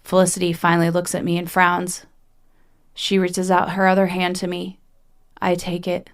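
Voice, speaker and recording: A woman narrating a first-person horror story with a measured, even delivery. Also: fairly low pitch. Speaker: audiobook narrator.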